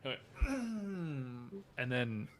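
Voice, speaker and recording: A man's voice: medium pitch, expressive, brisk, a bit bright. A man co-hosting a podcast in casual chat, rambling, laughing often and swearing. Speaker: podcast co-host.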